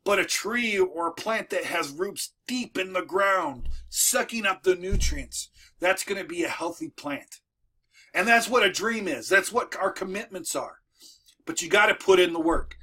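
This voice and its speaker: A man's voice: high voice, expressive, a little slow, sharp tone. A man hosting a casual motivational video from home for moving business owners, talking in a folksy, repetitive way with many restarts. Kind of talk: casual motivational talk to camera. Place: at home with dogs nearby.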